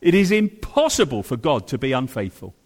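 A male preacher delivering a sermon with a lively, swooping pitch, repeating key phrases for weight. He drops to hushed, low lines and then climbs back up to stress his point. The sound rings with a long reverb, as in a church hall. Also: a little fast. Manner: emphatic, repeats phrases, swings from soft to loud.

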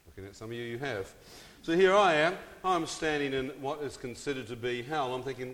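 A man's mid-range, slightly bright voice moves fairly quickly through a storytelling testimony. He brings the live audience along with jokes and questions, and the hall's reverb runs long.

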